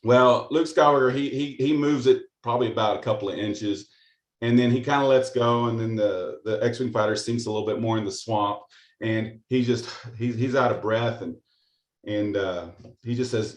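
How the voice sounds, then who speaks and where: A man's voice: medium pitch, moderate pace. A middle-aged man on a video call telling a story, hesitant, with many fillers and restarts. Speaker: call participant. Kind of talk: casual storytelling. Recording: echoey room.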